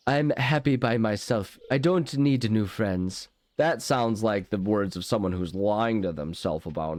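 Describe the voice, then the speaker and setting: A man with a fairly low, darkish voice hosts a casual gaming video in studio-quality audio with no echo. He plays while rambling goofily and often cutting himself off, with game music in the background.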